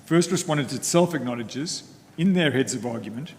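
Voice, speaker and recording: A man's voice: medium pitch, expressive, a little mellow, slight background noise. Formal male advocate in echoey court. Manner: measured, formal, with restarts. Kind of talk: legal argument in court. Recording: long reverb of a hall, faint ambience.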